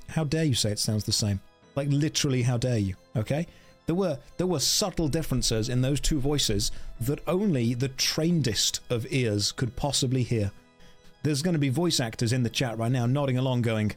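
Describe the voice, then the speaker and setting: Joking male streamer, lively voice. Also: mid-range voice, fairly quick, faint music behind. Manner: joking, mock-serious. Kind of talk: casual game stream commentary.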